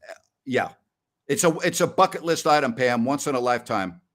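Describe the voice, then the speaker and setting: A man's voice: mid-range voice, expressive, fairly quick. A middle-aged man hosting a sports talk stream, chatting casually in a rambling, blustery way. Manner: rambling, blustery, breaks into loud mock rants. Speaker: sports talk show host. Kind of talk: casual live-stream chat.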